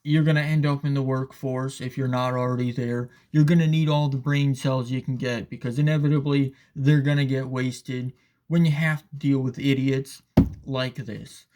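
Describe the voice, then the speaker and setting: A man's voice: mid-range voice, fairly even intonation, normal speed, darkish tone, a little hiss or hum. A man giving a casual, profane, sarcastic rant as commentator, often asking "all right?".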